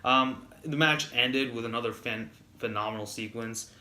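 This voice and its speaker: A man's voice: medium pitch, normal speed. Chatty man reviewing wrestling, echoey room. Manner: rambling, many fillers and restarts; gets heated and louder when annoyed. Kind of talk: casual spoken review.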